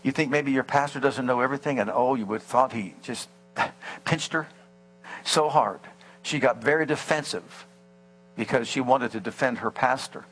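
A man's voice: medium pitch, fairly quick, a bit bright, husky, poor audio. A male preacher giving a sermon, telling a healing story with quoted voices and reading scripture aloud. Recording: mains hum behind.

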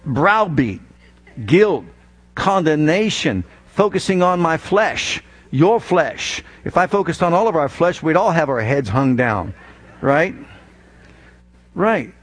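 A man preaching a sermon as pastor from the pulpit, animated, with mocking asides. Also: a little high, slow. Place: church.

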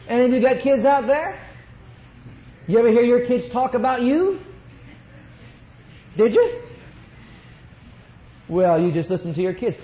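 Man, middle-aged preacher, high voice, swooping delivery, dull roomy recording. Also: expressive, a little slow, long pauses. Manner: preaching, swings between soft asides and rising exclamations. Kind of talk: sermon.

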